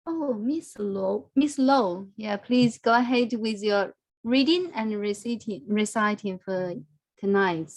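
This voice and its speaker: A woman's voice: mid-range voice, takes it slowly, darkish tone, dry recording. A woman teaching English in an online class, coaching pronunciation and praising her students while she repeats words for them to practice. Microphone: video call.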